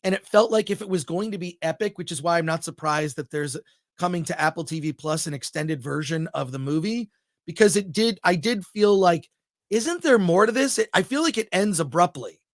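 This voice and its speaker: A man's voice: on the high side, brisk, dry recording. Give me an enthusiastic man reviewing a film in casual chat, with a dry, close sound. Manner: enthusiastic, rambling, thinks aloud. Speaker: film review show host.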